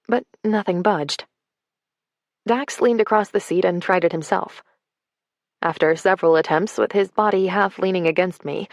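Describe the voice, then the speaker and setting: Woman audiobook narrator, first-person, wry; low register, dry studio sound. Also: a little mellow, no echo.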